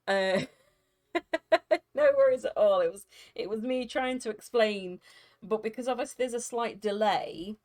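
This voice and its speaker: A woman streaming live, chatting casually with viewers in a rambling, giggly way with frequent restarts. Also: medium pitch.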